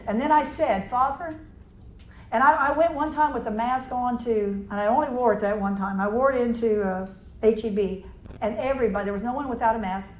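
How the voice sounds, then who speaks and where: Woman preacher, highish voice, rapid run-on sermon, echoey church room, faint ambience. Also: darkish tone. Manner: fast, run-on talk with restarts and throat clearing. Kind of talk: charismatic sermon.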